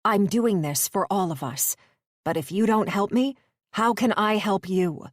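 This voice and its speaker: A woman's voice: mid-range voice, a little slow, no room sound, clean studio sound, natural voice. A woman voicing a desperate, defiant female journalist and mother who speaks in an urgent, commanding way. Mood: determined.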